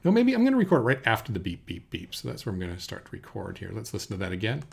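A man teaching a software recording lesson at his computer, talking through each step in a relaxed way with fillers, into a desk microphone indoors. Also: fairly low pitch, very fast, vocal fry, breathy edge, faint music behind. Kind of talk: screen-recorded software tutorial. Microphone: USB desk microphone.

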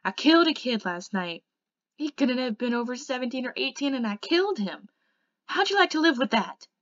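A woman's voice: medium pitch, normal speed, vocal fry, a little mellow, no room sound. A woman voicing a frightened teenage boy on the run, speaking in a trembling, pleading way that sometimes drops to a whisper. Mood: anguished. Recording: dull lo-fi recording.

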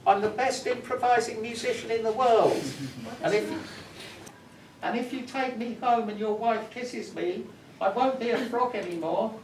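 A man voicing a boastful talking frog who claims to be a cursed musician, in a squeaky high voice, recorded from far off in a roomy, noisy classroom. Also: normal speed. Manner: squeaky, pleading then eager and boastful.

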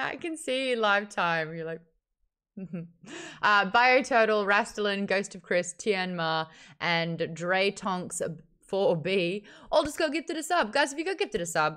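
A woman hosting a live book club stream, thanking viewers by name and reading their comments aloud in an animated, chatty way. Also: medium pitch, smooth.

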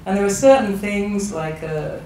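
Speaking unhurriedly in a mellow, mid-range voice, an English woman novelist in her thirties takes part in a public conversation, thoughtful and hesitant with frequent restarts. A distant mic in a large, echoey hall picks up a bit of hiss or hum.

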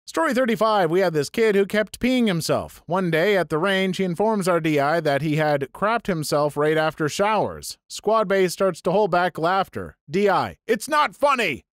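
A man reading online stories aloud for his channel, with lively, sarcastic asides. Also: sits high, moderate pace, few pauses, dry recording, clean studio sound. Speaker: story channel narrator.

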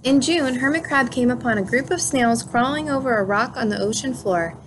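Woman reading a kids picture book, calm and clear, slightly high voice, faint hiss. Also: normal speed. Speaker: storybook reader.

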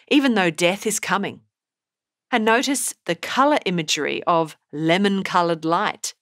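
Slow, measured woman narrating a lesson. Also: on the low side, a bit bright, no echo, studio quality. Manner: measured, explanatory delivery. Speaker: poetry teacher. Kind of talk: scripted narration.

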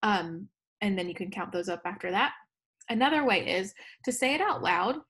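A woman teacher explaining poetry to her students in a relaxed, chatty way, correcting herself as she goes. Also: medium pitch, normal speed. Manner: chatty, self-correcting, laughs at own slips. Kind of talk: recorded classroom lesson.

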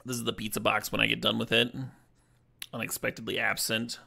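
A man streaming a card game draft, talking casually in a playful, joking way and swearing when excited. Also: lowish voice, fairly quick, gravelly.

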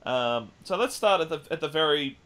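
A man co-hosting a podcast, casually recapping a film with lively retelling and the odd swear. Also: a little high, normal speed. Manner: animated retelling with swearing and mimicked lines. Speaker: podcast co-host. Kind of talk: casual chat, film review.

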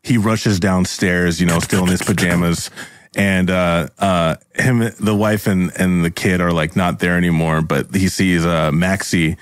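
A man's voice: low voice, steady tone, unhurried, no echo. A man running an improvised tabletop game on a podcast, rambling with fillers and laughing often. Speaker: game master.

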